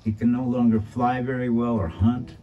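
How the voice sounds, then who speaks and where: A man telling a story in a relaxed, conversational way. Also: mid-range voice, moderate pace, lo-fi sound. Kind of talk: oral storytelling. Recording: voice from afar over guitar music. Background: guitar music.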